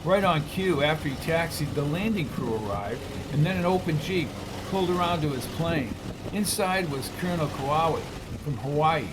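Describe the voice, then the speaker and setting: Brief: male narrator, scripted audiobook reading, somewhat high voice, background noise. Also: expressive, moderate pace. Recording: noisy recording.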